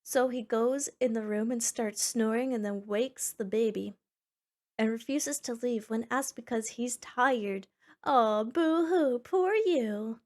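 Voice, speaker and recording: A young woman streamer reading forum posts aloud and reacting in a sarcastic, animated way, with sudden loud squeals. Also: fairly high pitch. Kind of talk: casual reaction chat.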